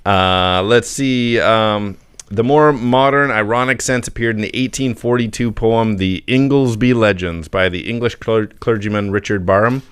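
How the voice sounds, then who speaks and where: Low-voiced man chatting on a podcast. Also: normal speed, fairly bright tone, clear, resonant tone, dry recording. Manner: reads old quotes aloud with playful voices, laughs often. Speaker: podcast co-host. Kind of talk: casual chat.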